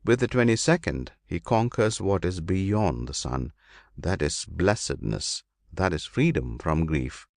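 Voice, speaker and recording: A man reading ancient scripture aloud as an audiobook narrator, deliberate and solemn with long pauses. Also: sits low, lively intonation, gravelly, a little mellow, no room sound, clean studio sound. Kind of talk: slow measured scripture reading.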